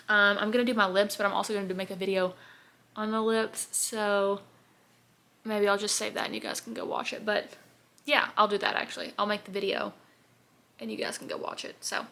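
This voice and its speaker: Applying makeup on camera, a young woman beauty vlogger chatters in a bubbly, wandering get-ready-with-me style. Her medium-pitched voice is bright and forceful, with slight background noise present.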